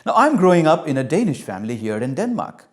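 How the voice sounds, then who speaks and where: A man giving a lecture on cultural values. He teaches through an animated story and acts out the dialogue. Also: fairly high pitch, fast. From India. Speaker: cultural intelligence trainer.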